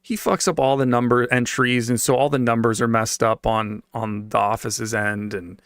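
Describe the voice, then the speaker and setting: A man's voice: medium pitch, steady tone, normal speed, a bit bright, clean tone, no room sound, studio quality. A young man streaming and venting about his old job in a rambling, profane, slang-heavy way while reading donations. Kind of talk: casual rant.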